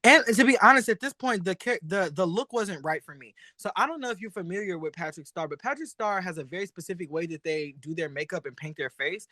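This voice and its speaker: A man co-hosting a drag and pop culture show, chatting in a sassy, animated way and laughing often. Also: high-pitched, fairly quick, hardly any pauses, no echo. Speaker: podcast co-host. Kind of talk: casual chat.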